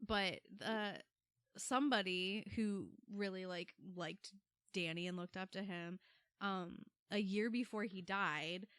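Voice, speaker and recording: A woman's voice: mid-range voice, takes it slowly, a bit bright, clear, resonant tone, no room sound. A woman co-hosting a podcast in casual chat, laughing often and slipping into voices for her stories. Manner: chatty, laughs often, plays voices in anecdotes. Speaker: podcast co-host. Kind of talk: casual chat and dramatic poem reading.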